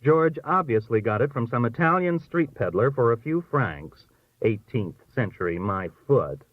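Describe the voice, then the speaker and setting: A man's voice: mid-range voice, lively intonation, unhurried, no room sound. A man reading aloud and voicing a scornful, theatrical middle-aged wife who complains dramatically. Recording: thin phone-like dry sound.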